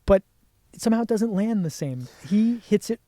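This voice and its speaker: A middle-aged man with a New York accent, a playwright talking shop as a guest in an animated, emphatic way. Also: high-pitched, normal speed, no echo, clean studio sound. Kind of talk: casual chat.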